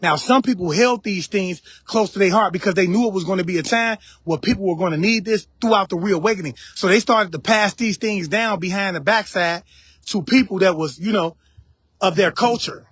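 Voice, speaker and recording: A man's voice: high-pitched, brisk, fairly bright tone, slightly rough, no echo, clean studio sound. A man giving a casual spiritual lecture on a live stream, talking straight to his viewers, repeating his points and speaking. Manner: preachy, repeats phrases, addresses viewers directly.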